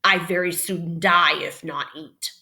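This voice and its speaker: A woman's voice: lowish voice, steady tone, bright, forceful tone, heavily acted. Little Bear, a woman doing a terse tiny man. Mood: hungry. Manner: terse, clipped, slow. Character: tiny hungry man, blunt, broken English.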